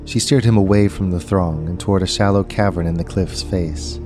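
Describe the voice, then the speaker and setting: A man reading a story aloud as narrator, in a measured, unhurried storytelling manner. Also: sits low, over music. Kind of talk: scripted audiobook narration.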